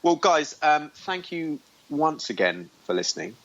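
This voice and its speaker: A man's voice: a little high, very animated, measured pace. A man co-hosting a podcast in casual, joking banter, heard over muffled online call audio. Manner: joking, self-mocking banter. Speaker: podcast co-host. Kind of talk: casual chat. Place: call from abroad.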